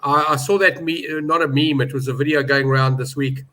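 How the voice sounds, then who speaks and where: A man talks betting on a sports panel. His voice is bright and forceful, and his pitch sits a little high for a man. He pushes his points hard and keeps restarting as he goes. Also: fairly even intonation, a little fast. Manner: emphatic, indignant about odds, many restarts. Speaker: betting pundit. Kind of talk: animated panel discussion.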